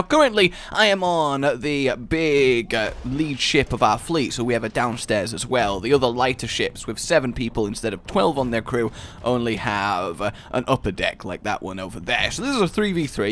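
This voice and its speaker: A young man hosting a gaming video, giving excitable, jokey let's-play commentary and shouting during the action. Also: medium pitch.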